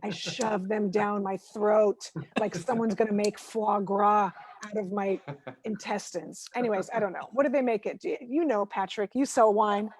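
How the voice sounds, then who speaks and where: A woman's voice: medium pitch, steady tone, moderate pace. A woman stand-up comedian doing a rambling, self-mocking routine over a video call from home, full of "like"s.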